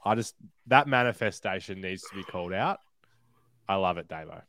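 A man with an Australian accent co-hosting a casual fan podcast, playful and quick to laugh and tease. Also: deep voice, animated, sharp tone, no echo. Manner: laughs often, playful teasing. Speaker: podcast co-host.

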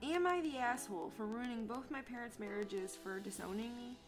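A woman's voice: fairly high pitch, fairly quick, music in the background. A young woman co-hosting a podcast in casual chat, reading a post aloud and then swearing indignantly about it. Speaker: podcast co-host.

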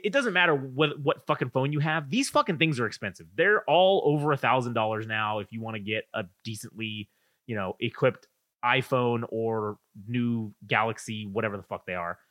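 A man's voice: mid-range voice, brisk, fairly bright tone, no echo, studio quality. A man in his thirties, a podcast co-host telling a profane, ranting story in casual chat.

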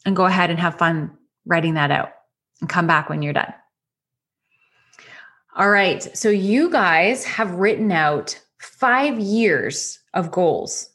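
A woman's voice: fairly low pitch, fairly bright tone. A woman coach leading a goal-setting lesson, talking directly and encouragingly with many rhetorical questions.

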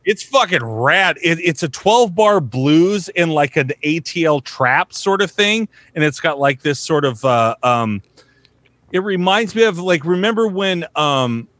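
A man's voice: on the high side, lively intonation, unhurried, fairly bright tone, dry recording. A man, a voice actor, chatting casually, rambling with lots of swearing and filler words. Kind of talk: casual chat.

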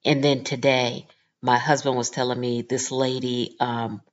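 A woman hosting a podcast, telling a story in an animated, indignant way and acting out the people in it. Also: extremely low pitch, measured pace, lo-fi sound. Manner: animated, indignant storytelling with lively quoted voices. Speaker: podcast host. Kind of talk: casual storytelling monologue.

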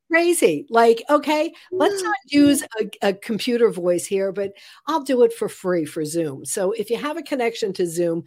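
Expressive woman in her sixties, calm coach. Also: on the high side. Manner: expressive, playful, shifts into slow soothing guidance. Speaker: guest, calm and sleep coach. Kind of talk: conversational interview with guided breathing.

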